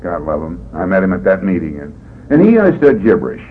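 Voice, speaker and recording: An older man tells his story at a recovery meeting in a folksy, jokey way, talking fast as his pitch swoops wildly while he acts out the scenes. The recording is dull and lo-fi, with a faint hiss underneath.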